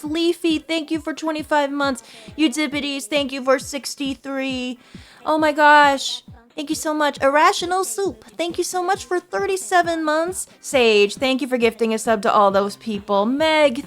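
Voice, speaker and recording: A woman's voice: sits high, a bit bright. A woman livestreamer in casual stream chat, rambling and anxious, poking fun at herself. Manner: rambling, anxious, self-deprecating. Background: faint background music.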